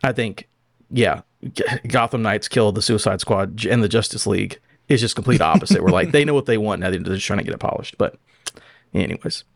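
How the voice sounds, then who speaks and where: A man's voice: lowish voice, fairly quick, gravelly, dry recording, clean studio sound. A man co-hosting a podcast, rambling casually and acting out quotes. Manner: rambling, acts out quotes, says "like" often. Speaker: podcast co-host. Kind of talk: casual chat.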